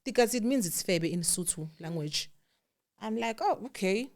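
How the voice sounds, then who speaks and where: South African woman, low voice, candid storyteller. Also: normal speed, a little hiss or hum. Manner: candid, animated quoting of others, drops to hushed tones. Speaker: guest. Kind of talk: emotional personal storytelling.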